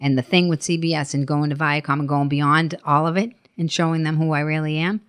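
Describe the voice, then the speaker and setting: A woman guest on a chat show, talking in a rapid, animated way, acting out quotes in her stories. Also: deep voice, clear, resonant tone. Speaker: comedian guest. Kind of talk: casual chat.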